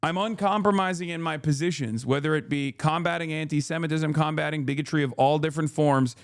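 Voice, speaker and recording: A man's voice: a little high, fairly quick, smooth, no echo. Emphatic streamer man, dry close sound. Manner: emphatic, calls listener "brother", frequent restarts and "okay?". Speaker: streamer reacting to news clips. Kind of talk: casual heated commentary.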